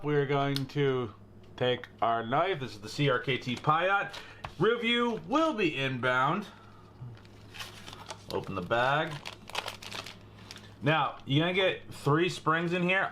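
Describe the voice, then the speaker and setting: A young man with a Boston accent hosts a gun channel, giving a casual how-to on gun maintenance in a chatty, jokey way and calling viewers guys and bro. His voice is fairly high and a bit bright, with slight background noise.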